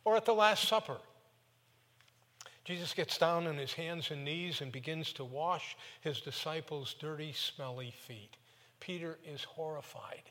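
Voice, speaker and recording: A man preaching a sermon who tells the story in an animated way, with quick bursts and sudden drops. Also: on the high side, long reverb tail.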